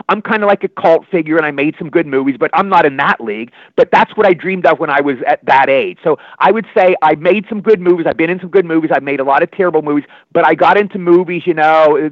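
An older man from Maryland, a guest actor telling animated, rambling stories full of digressions and repeats. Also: fairly high pitch, dry recording. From Maryland, USA. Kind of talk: anecdotal storytelling. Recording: dull lo-fi sound.

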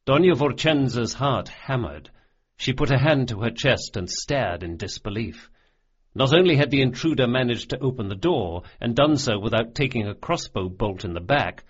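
A man narrating a fantasy audiobook in a measured, expressive storytelling manner, on a dull lo-fi recording. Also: mid-range voice, slightly rough. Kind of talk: scripted narration.

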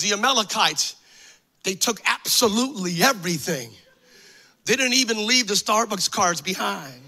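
A man preaching a sermon with passion, repeating phrases, joking in asides and building up to shouts. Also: sits high.

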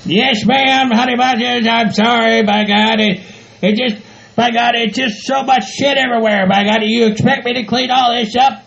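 A man voicing a gruff, grumbling hillbilly rancher in a comedy audio skit, swearing and repeating himself constantly. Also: very high voice, steady tone, normal speed, fairly bright tone, exaggerated voice. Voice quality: gravelly, exaggerated country hick voice. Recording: dull lo-fi home recording.

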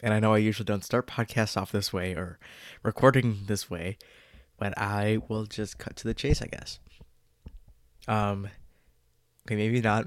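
A man's voice: fairly low pitch, steady tone, normal speed, smooth, dry recording, studio quality. A young man of seventeen with a stuffy, congested voice from a cold, chatting casually on his solo podcast, rambling and joking about his own stalling. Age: late teens. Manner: rambling, self-aware, jokey about stalling.

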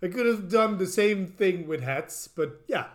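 A man with a slightly high voice co-hosting a casual chat about video games. He hesitates and stammers over his words, and he often laughs while he talks. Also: animated, a little slow. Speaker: podcast co-host.

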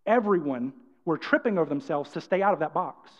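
The preacher here is a man whose voice is a little high, animated, and fairly quick. He gives his sermon with energy and emphasis, acting out quotes along the way, in a dull-sounding recording with long church-hall reverb.

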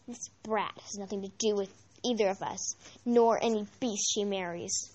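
A woman's voice: medium pitch, moderate pace, darkish tone, close to an everyday voice. A woman reading as a fanatically devoted witch. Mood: eager devotion.

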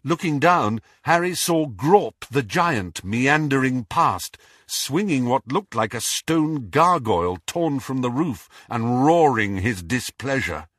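Male audiobook narrator, lively and expressive, bright tone with a husky edge. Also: medium pitch, slow pace, no room sound, clean studio sound. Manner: expressive storytelling. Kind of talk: scripted narration.

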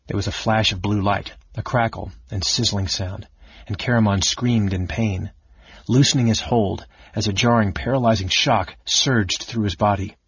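A man reading an audiobook in a measured, dramatic narration. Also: lowish voice, fairly even intonation, gravelly, slightly rough, lo-fi sound.

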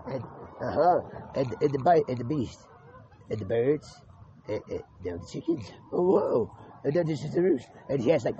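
A man's voice: medium pitch, mellow. Rambling man, muffled noisy recording. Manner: rambling, heavy repetition and restarts, swears freely. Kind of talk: rambling spoken monologue. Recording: muffled lo-fi with clear background noise.

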